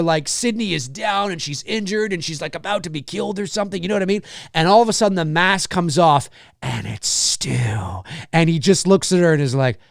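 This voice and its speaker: Animated high-voiced man hosting a talk show. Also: vocal fry, no echo, studio quality. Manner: animated, swears, acts out excited reactions. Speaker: host of a horror film talk show. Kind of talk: casual solo commentary.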